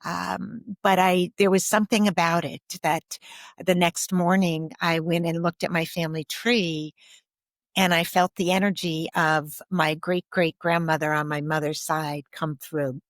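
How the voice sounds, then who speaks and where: Woman, podcast guest, soft-spoken, thoughtful, frequent ums, dry close sound. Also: fairly low pitch, flat delivery, a little slow, no room sound. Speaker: guest, grief and ancestral healer. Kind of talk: reflective podcast conversation.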